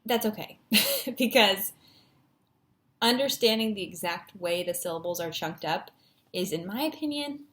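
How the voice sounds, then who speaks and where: A woman's voice: medium pitch, expressive, a little slow, long pauses. A woman teacher giving a patient, encouraging phonics lesson at a whiteboard, sounding out syllables.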